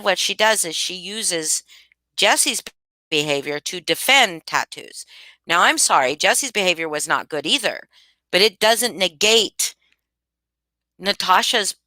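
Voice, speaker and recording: A woman's voice: on the low side, lively intonation, unhurried, bright, forceful tone, no echo. A woman talking casually to her live chat, emphatic and repeating her points with many restarts. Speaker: livestream commentator. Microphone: home streaming mic.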